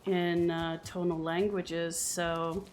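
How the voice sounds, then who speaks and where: A woman's voice: fairly low pitch, little pitch movement, slow pace, a little mellow, a little hiss or hum. A Canadian woman streamer in casual chat while she plays a game, chatty and often laughing. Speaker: live streamer.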